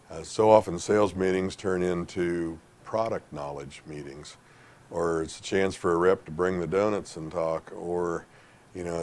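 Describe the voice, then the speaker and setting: Deep-voiced folksy man giving advice. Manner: folksy, emphatic, lots of fillers. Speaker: industry guest giving retail sales advice. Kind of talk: conversational interview answers.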